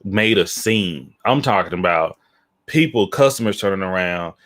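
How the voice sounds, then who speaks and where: A man tells a story in a casual podcast chat. He is animated, keeps checking in with his listener and slips into other people's voices. The mic sound is dry and close. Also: sits low, moderate pace, no echo. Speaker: podcast co-host.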